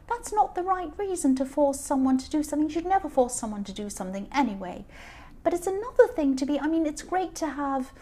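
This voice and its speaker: A woman with a slightly high voice gives a casual tarot reading straight to the viewer. She rambles and circles back, full of ums and restarts, but keeps a gently reassuring tone. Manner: chatty, rambling, with frequent fillers and restarts. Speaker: tarot reader.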